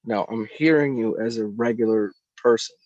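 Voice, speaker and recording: A man's voice: lowish voice, normal speed, darkish tone, no echo, lo-fi sound. A man co-hosting a casual podcast, teasing his partner, laughing often and repeating himself. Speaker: podcast co-host. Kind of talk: casual chat.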